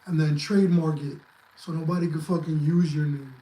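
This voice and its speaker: High-voiced blunt, profane man. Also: fairly even intonation, brisk, mellow, roomy sound, low-quality recording. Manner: blunt, profane, emphatic advice-giving. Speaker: guest. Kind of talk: casual livestream chat.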